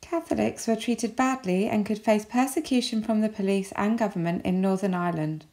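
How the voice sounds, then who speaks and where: A woman with an English accent, giving a recorded lesson as a teacher with clear, measured explanations. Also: mid-range voice, warm tone.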